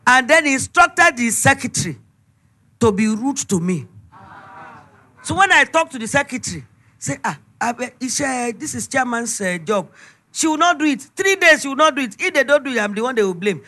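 A middle-aged woman with a Nigerian accent, giving an emphatic, animated preaching testimony. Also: sits high, fairly quick. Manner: storytelling, emphatic, animated retelling.

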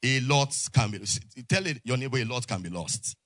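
A man preaching in church with a call-and-response style, often stopping to ask the congregation for an amen. His voice sits at a middle pitch. The sound is dry and close, with little room echo. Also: animated, moderate pace, a bit bright. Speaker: pastor. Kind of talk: sermon.

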